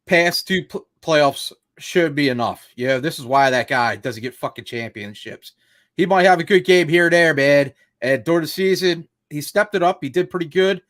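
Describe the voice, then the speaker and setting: With a fairly high, somewhat bright voice at a moderate pace, a man co-hosting a casual sports podcast rants in a frustrated, profane, rambling way. The recording is dry, with clean studio sound.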